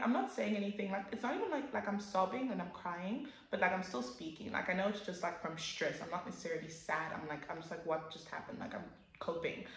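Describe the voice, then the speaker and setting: A woman's voice: medium pitch, fairly quick, roomy sound, rough recording. Chatty young woman telling a storytime. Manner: chatty and animated, swearing freely, acting out her own lines. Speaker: vlogger. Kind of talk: casual storytime.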